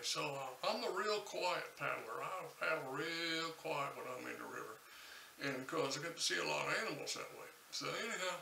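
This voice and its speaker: Brief: storyteller in his 70s, gravelly, sharp and tense in tone, heard from a distance in a roomy space. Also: a little high, slight background noise. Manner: folksy, rambling, many "uh"s. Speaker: channel host. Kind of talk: ad-lib tall-tale storytelling.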